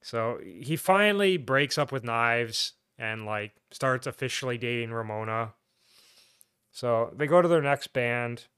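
A man's voice: medium pitch, expressive, unhurried, a bit bright, smooth, no echo, studio quality. A man co-hosting a podcast, recapping a film in a loose, rambling way with lots of "like" and laughter. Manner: rambling, laughing, full of "like" and restarts. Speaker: podcast co-host. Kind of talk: casual movie recap chat.

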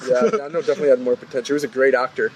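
A man in his twenties from California, a podcast co-host telling profane, animated stories in a casual chat. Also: mid-range voice, very fast, a little hiss or hum, low-quality recording. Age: 20s. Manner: profane, animated storytelling with acted-out quotes.

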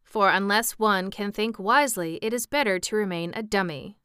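A woman's voice: medium pitch, normal speed, sharp tone, clear, resonant tone, no echo, clean studio sound, close to an everyday voice. A woman voicing a pompous, severe male scarecrow king who speaks in a lofty, reproving way, in a storybook reading.

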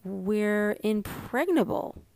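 A patient, amused mother, read by a woman, calm and lightly teasing. She speaks slowly and evenly. The sound is dry, with no room around it. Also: mid-range voice, no echo, close to an everyday voice.

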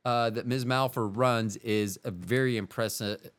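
A man hosts a solo podcast in a loose, wandering monologue, often breaking off mid-thought. His voice is smooth and clear at a middling pitch. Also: fairly even intonation, unhurried, fairly bright tone. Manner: meandering, self-interrupting, wry. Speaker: podcast host.

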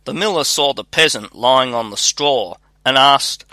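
Slow, bright-toned male storyteller. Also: mid-range voice, no echo. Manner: measured, even read-aloud delivery. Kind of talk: storybook narration.

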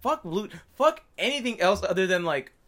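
A young man co-hosting a casual podcast, animated, swearing often and laughing a lot. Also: sits high, moderate pace. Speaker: podcast co-host. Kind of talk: casual crude banter.

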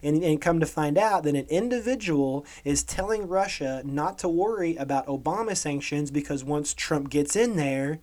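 A man's voice: fairly high pitch, animated, normal speed, hardly any pauses, a little mellow. A man co-hosting a podcast, ranting about current events in a sarcastic, emphatic way and often tagging on "okay?". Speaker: podcast co-host. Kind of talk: opinionated current-events rant.

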